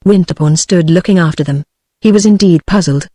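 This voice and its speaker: A synthetic text-to-speech woman's voice with a British English accent, reading a novel aloud in an even, machine-like way. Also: lowish voice, a little fast, no echo. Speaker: audiobook narrator. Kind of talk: text-to-speech audiobook narration.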